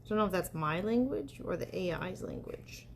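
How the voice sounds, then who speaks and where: A woman's voice: lowish voice, expressive, normal speed, vocal fry, a little hiss or hum. A woman live-streaming in a casual, chatty way, talking aloud as she tests an app.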